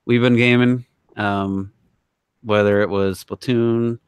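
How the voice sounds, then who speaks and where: Smooth-voiced man hosting casual chat. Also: medium pitch, slow, no echo. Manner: relaxed, hesitant with frequent fillers. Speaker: podcast host.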